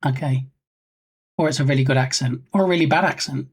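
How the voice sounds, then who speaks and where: A man's voice: mid-range voice, quick pace, husky. A British man chatting casually on a live stream, reading chat messages aloud and reacting.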